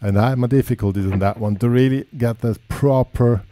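A man giving a casual guitar lesson, talking in a relaxed, chatty way and counting in and scatting rhythms. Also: medium pitch, fairly quick, dry recording. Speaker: guitar teacher. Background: electric guitar playing.

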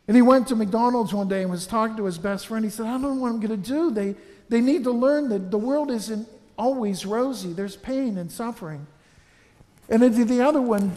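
A man's voice: sits high, darkish tone. A man giving an earnest funeral homily in a church, telling stories and often restarting his sentences. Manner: earnest, anecdotal, frequent restarts. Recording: reverberant church.

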